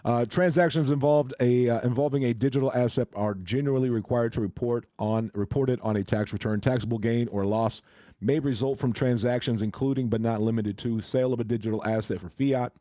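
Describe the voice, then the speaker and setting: A man's voice: medium pitch, steady tone, fairly quick, mellow, dry recording, studio quality. A man chatting casually on a crypto livestream, hesitant and full of fillers and restarts.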